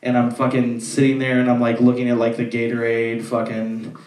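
A man's voice: medium pitch, monotone, normal speed, darkish tone, far from the mic. A young man doing a stand-up set, rambling with lots of filler words and swearing, on a comedy club stage. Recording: roomy club from off-mic.

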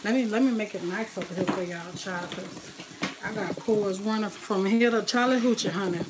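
A woman talking to viewers in a relaxed way while she cooks in her home kitchen, with frying sizzling behind her. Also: medium pitch, normal speed, noisy background. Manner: chatty, talks to viewers and family at home. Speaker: cooking vlogger. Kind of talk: casual cooking vlog.

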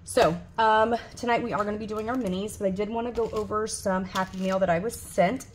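A woman's voice: medium pitch, fairly even intonation, brisk, few pauses, slight background noise. A woman in her forties chatting casually to her vlog audience, rambling with lots of ums and restarts, and gushing over gifts. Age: 40s. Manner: gushes loudly over gifts. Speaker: budgeting vlogger.

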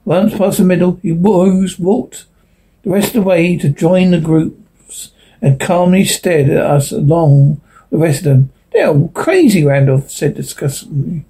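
Guy reading a sci-fi story aloud, kinda husky, trips over words sometimes. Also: a little high, fairly even intonation, measured pace, mellow, poor audio. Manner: unpolished reading with slips and restarts. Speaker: narrator.

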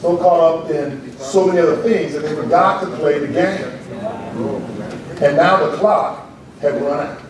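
Man preaching in a big echoey church, kinda high voice, acts out the story, quizzes the crowd. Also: unhurried, recorded from a distance. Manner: storytelling, acts out cheering crowds, asks the congregation questions. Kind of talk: sermon. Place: church sanctuary.

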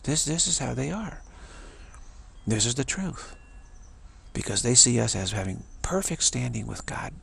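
A man giving an informal spiritual talk, halting and repeating himself, often sinking into a whisper. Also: mid-range voice, sing-song, creaky, a bit bright, breathy edge. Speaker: spiritual speaker.

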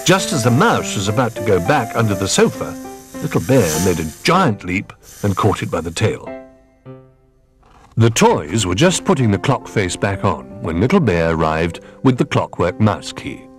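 A man reading a children's storybook aloud as narrator, gentle and unhurried. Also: fairly low pitch, very animated, soft background music.

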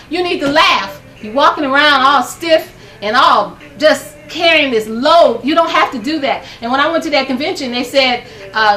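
A woman's voice: high voice, pushed and bright, reverberant, distant mic. An older woman hosting a gospel program from her home, giving a fervent, preachy devotional talk to camera and laughing often.

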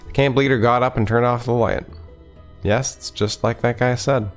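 A man's voice: mid-range voice, steady tone, moderate pace, faint music behind. A man reading a visual novel aloud as a let's player, adding wry conversational asides.

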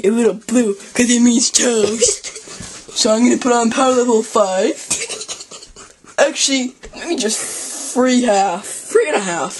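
A woman hosting a spoof cooking show with a goofy, deadpan manner and sudden loud outbursts. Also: fairly high pitch. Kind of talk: deadpan comic cooking demonstration. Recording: noisy home video recording.

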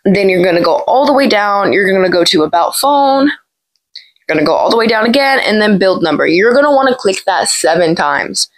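A young woman talking casually through a phone tutorial, hoarse from being sick, chatty and rambling with lots of fillers. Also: mid-range voice, expressive, moderate pace, low-quality recording. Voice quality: gravelly. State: hoarse from illness. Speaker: tech video creator. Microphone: small plug-in microphone.

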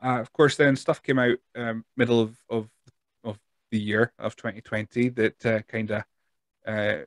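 A Scottish podcast host with a middle-pitched voice who rambles through loose, laughing asides. The sound is dry and close with no room around him. He swears in passing and keeps things casual. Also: no echo. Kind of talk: casual interview chat.

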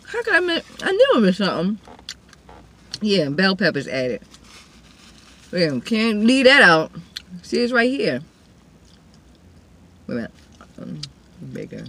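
A woman's voice: medium pitch, huge pitch swings, slow pace, long pauses, a bit bright. A woman hosting a casual eating show, chatting with her viewers between mouthfuls and calling them y'all. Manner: eats and chews between remarks. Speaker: mukbang vlogger.

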